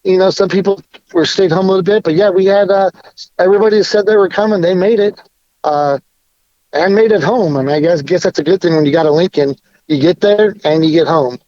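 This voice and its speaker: A man talking casually as a podcast guest, laid-back and a bit halting. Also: sits high, a little mellow, no echo. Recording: dull lo-fi audio.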